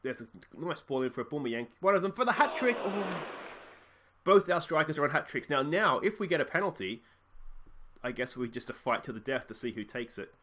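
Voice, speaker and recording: A man's voice: on the high side, a little fast, slight background noise. A man casually commentating on his football management game as host, musing and reacting to the action. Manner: chatty, musing, bursts of excitement. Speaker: let's play host.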